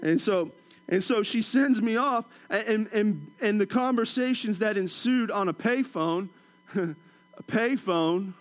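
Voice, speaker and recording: A middle-aged man from Washington, D.C., preaching a sermon, telling stories with humorous asides and dropping to a soft, low voice for emphasis. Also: slow pace. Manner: storytelling with humorous asides and chuckles.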